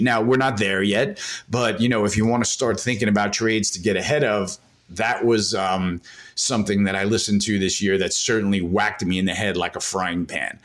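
A man with a fairly low voice speaks as a guest analyst in a casual podcast interview. He rambles and restarts often, with plenty of fillers, and gets animated as he makes his points. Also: normal speed.

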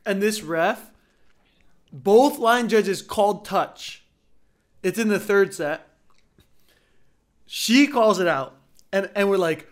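Young man, high voice, volleyball player, animated, acts out quotes. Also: measured pace, pauses often. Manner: animated storyteller, voices others. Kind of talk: casual podcast chat.

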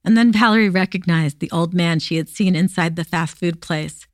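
Woman podcast host reading a story out loud, kinda low voice, dry close sound. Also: moderate pace, no echo. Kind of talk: reading true stories aloud.

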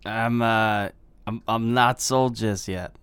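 A man co-hosting a casual music review chat, hesitant and measured in his critique. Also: lowish voice, steady tone, a bit bright, smooth, no room sound.

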